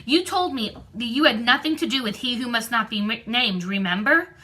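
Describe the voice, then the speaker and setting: A woman reading aloud, voicing a friendly twelve-year-old boy wizard in a brisk, matter-of-fact way, close to her own voice. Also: a little high, animated, bright, forceful tone. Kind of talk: storybook reading.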